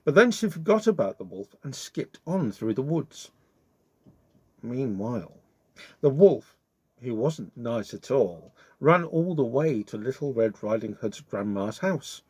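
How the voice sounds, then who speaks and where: Animated male storyteller, dry close sound. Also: mid-range voice, measured pace, breathy edge, no echo. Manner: expressive, lively storytelling. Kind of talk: children's story reading.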